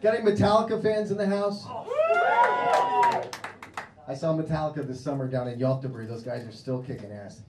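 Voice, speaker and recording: A man's voice: mid-range voice, brisk, long pauses. An American man doing a crude, mocking stand-up comedy set on a club stage, acting out voices. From United States. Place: comedy club stage before a live audience. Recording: roomy club with loud crowd noise.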